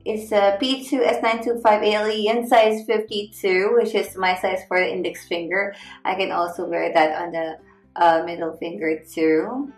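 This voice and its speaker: A woman unboxing gifts on her vlog, gushing with excitement and thanking the sender over and over. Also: medium pitch, moderate pace. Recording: echoey room with faint music.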